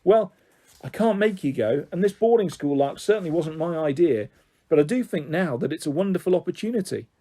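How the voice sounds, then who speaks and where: A man voicing a firm but caring middle-aged father calming his daughters. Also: a little high, a little fast. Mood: coaxing.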